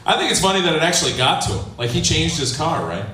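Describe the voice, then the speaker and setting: A man's voice: fairly high pitch, big pitch swings, fast, noisy background. A man performing a stand-up comedy set, loose and rambling, chuckling at his own jokes. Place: comedy club stage, live audience. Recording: roomy club recording from a distance, loud crowd.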